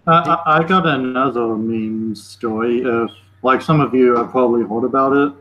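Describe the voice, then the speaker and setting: A man talking haltingly in a casual chat with friends, with many fillers and restarts. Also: mid-range voice, slight background noise. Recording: roomy, dull lo-fi sound.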